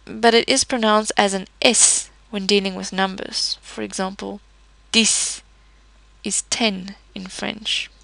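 Slow, gravelly-voiced woman teaching pronunciation. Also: medium pitch, level tone, a bit bright, no room sound, poor audio. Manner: slow, patient explaining with fillers and self-corrections. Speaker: French teacher. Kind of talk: pronunciation lesson.

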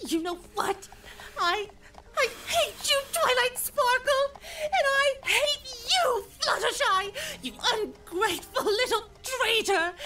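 Sobbing, betrayed cartoon pony mare. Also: female voice, very high-pitched, lively intonation, slow pace, sharp tone, full character voice. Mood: sobbing bitter. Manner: sobbing, laughing through tears. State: crying. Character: heartbroken female cartoon pony, bitter and betrayed. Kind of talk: fan-made cartoon voice acting. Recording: show audio with music behind.

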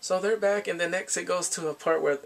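A man casually recapping and reviewing a drama, excitable and animated, often laughing and acting out his reactions. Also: high-pitched, fairly quick, vocal fry.

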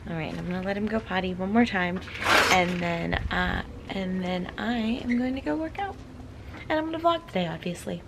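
A woman vlogging through her day, talking casually to the camera and now and then to her dog in a high sing-song voice. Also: normal speed, creaky, noisy background. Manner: chatty, talks to her dog in a high baby voice. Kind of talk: casual vlog chat. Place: car, street and home porch, some outdoors.

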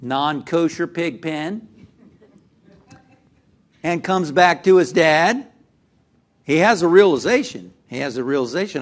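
A man delivers a sermon to a live congregation in a fairly high voice that swings up and down a lot. He speaks slowly and keeps turning to the crowd with direct questions. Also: animated. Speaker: minister. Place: church hall with a live congregation.

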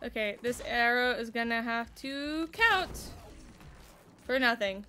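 Excitable high-voiced woman gamer. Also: slow, slight background noise. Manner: excitable, swears and yelps while panicking. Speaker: gamer streamer. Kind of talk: casual gameplay commentary.

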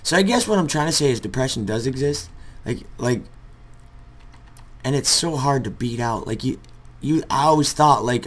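A young man vlogging over gameplay at his computer, talking in a rambling, hesitant way and bursting into loud cursing now and then. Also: mid-range voice, lively intonation, moderate pace. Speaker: gaming vlogger. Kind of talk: casual heartfelt talk over gameplay.

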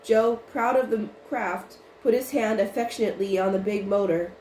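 Woman reading a story aloud, roomy sound. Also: medium pitch. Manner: even, unhurried reading with small restarts. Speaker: audiobook reader. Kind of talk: storybook narration. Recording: roomy with faint noise.

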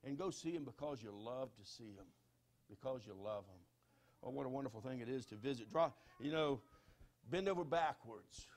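A middle-aged man with a Southern US accent, preaching a sermon as pastor. He moves between quiet pleading and loud, fervent exhortation. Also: medium pitch, lively intonation, moderate pace. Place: church sanctuary.

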